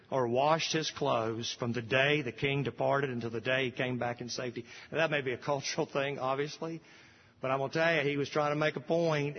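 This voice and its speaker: A pastor preaching a sermon, rising to emphatic repeated refrains, recorded from a distance in a church sanctuary. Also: male voice, mid-range voice, in a large hall, dull audio.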